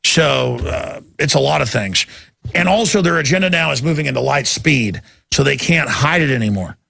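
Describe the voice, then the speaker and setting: A man's voice: medium pitch, lively intonation, moderate pace, gravelly, sharp tone, dry recording, studio quality. A man hosting a talk show, giving emphatic, rambling, impassioned commentary. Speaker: show host.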